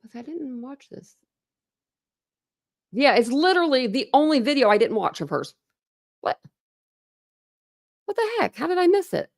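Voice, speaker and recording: A woman with a Southern twang, from Ohio, hosting a true crime livestream. She rambles casually through her thoughts with plenty of fillers and side comments, her voice slightly gravelly. The sound is dry and close. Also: sits high, sing-song, no room sound. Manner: rambling and chatty, many fillers and quick asides. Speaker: true crime channel host.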